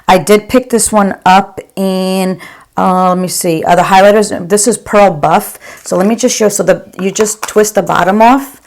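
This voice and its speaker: A woman's voice: medium pitch, fairly even intonation, normal speed. A middle-aged woman and nurse reviewing her favorite makeup to camera in a gushing, chatty way, calling viewers "girl". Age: 40s or 50s. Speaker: beauty vlogger and OR nurse.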